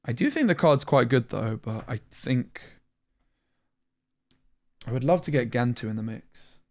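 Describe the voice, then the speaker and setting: A man's voice: medium pitch, lively intonation, unhurried. A young British man streaming a card game, thinking aloud in a chatty way, tired after a long session. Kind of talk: live-stream commentary while playing a card game.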